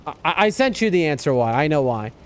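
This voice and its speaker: A man's voice: fairly high pitch, big pitch swings, fast talker. A man from the East Coast of the United States, a gaming streamer rambling in casual chat with his viewers, whom he calls folks. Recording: game music under the voice. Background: game music.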